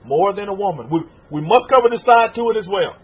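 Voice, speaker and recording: A man in his forties preaching a sermon, animated and emotional, stumbling and restarting and turning to his listeners with questions. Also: sits high, quick pace, slightly rough. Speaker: rabbi teaching a congregation. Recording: muffled lo-fi recording.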